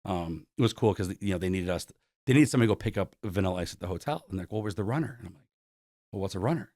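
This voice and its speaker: A man's voice: sits low, animated, very fast, darkish tone, no room sound, clean studio sound. A man in his forties from Buffalo, a concert promoter telling stories as a guest. He acts out the quoted dialogue and leans on "like" a lot. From Buffalo, New York. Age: 40s. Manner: heavy use of "like". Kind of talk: storytelling interview.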